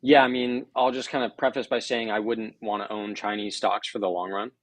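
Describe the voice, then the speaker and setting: A man's voice: on the low side, flat delivery, a little fast, no room sound. Analytical man explaining market data. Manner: fluent and analytical, explains macro data step by step. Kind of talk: casual interview commentary.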